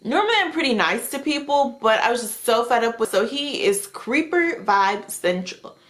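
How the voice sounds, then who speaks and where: A young adult woman vlogger telling a story in a casual, animated, chatty way. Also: a little high, moderate pace. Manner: animated, chatty retelling with frequent "like".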